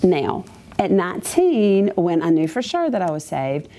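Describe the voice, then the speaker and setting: A woman's voice: lowish voice, measured pace. A woman giving a chatty personal testimony to a church congregation, with many asides. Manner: chatty, animated storytelling with asides.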